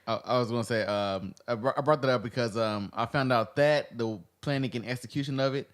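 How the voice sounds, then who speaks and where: A man's voice: mid-range voice, a little fast. A man co-hosting a podcast in casual chat, telling stories with acted-out quotes and repeated words. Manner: animated storyteller, acts out quotes, repeats words. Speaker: podcast co-host.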